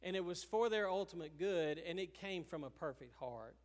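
A man with a notably high voice preaches from the pulpit and carries his words along with chuckles. He breaks into little acted-out quotes now and then. His voice rings through a church sanctuary with a long reverb tail. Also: lively intonation, normal speed. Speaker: pastor. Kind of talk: sermon.

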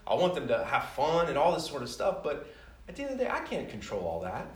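A man giving a sermon in a conversational, self-deprecating way, growing animated as he tells personal stories. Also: on the high side, fast talker. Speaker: pastor. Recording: echoey room heard from a distance.

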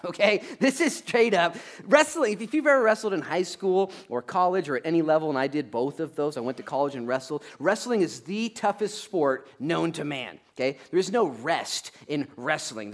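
A male pastor with a somewhat high voice, preaching in a loose, conversational way. He jokes with his listeners and breaks into loud acted-out asides. He keeps pressing his points with a repeated "okay?". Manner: animated and joking, with sudden loud acted-out asides. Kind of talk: conversational sermon.

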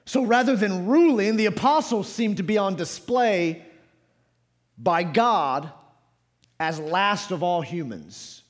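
A man preaching a sermon in a church, swinging between loud shouts and quiet low asides. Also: lively intonation, takes it slowly. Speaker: pastor. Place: church sanctuary.

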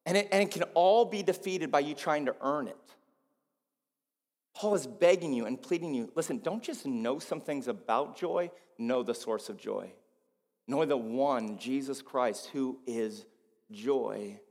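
A man preaching a sermon to a congregation, building from quiet reasoning to loud, fervent peaks and asking the people to repeat words after him. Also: mid-range voice, measured pace. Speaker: pastor. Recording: long reverb of a large hall.

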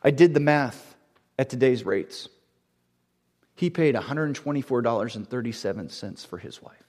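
A man preaching a sermon to a congregation, building to loud, emphatic, repeated lines. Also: medium pitch, lively intonation, moderate pace. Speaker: pastor.

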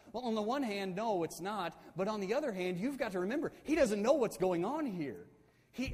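A man's voice: high-pitched, a little mellow, in a large hall. A man preaching a sermon conversationally, asking his listeners questions and repeating key phrases.

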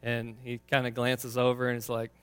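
A man's voice: mid-range voice, monotone, moderate pace, a bit bright, clear, resonant tone. A man preaching a sermon, telling a personal story in a casual, conversational way. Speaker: pastor. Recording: long reverb of a large hall.

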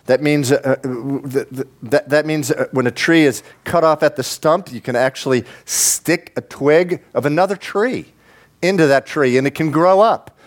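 A man's voice: fairly high pitch, normal speed. Impassioned man preaching a sermon. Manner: preaching with rising, impassioned emphasis and repetition; addresses the congregation directly. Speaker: pastor. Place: church.

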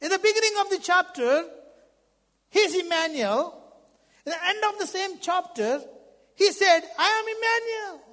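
Very high-voiced male preacher in a hall. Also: lively intonation, unhurried, pauses often. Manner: fervent, swinging from loud to hushed; non-native English phrasing. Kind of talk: sermon. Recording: long reverb of a large hall.

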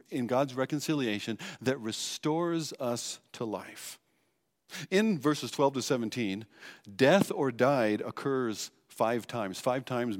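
A man preaching a sermon, earnest and emphatic, dropping to a hush on key points. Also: mid-range voice, in a large hall. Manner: earnest preaching, swings between emphatic and hushed. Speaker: pastor.

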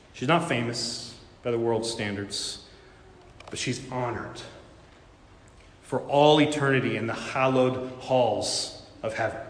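A man preaching a sermon, moving between hushed, measured lines and loud, forceful rises. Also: medium pitch. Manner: preaching with rising intensity, swinging from hushed to loud. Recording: echoey hall with long reverb.

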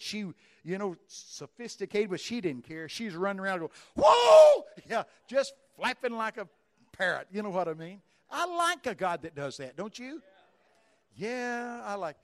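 Fervent stories and loud exclamations fill this charismatic healing sermon, delivered by a high-voiced man who also prays emphatically.

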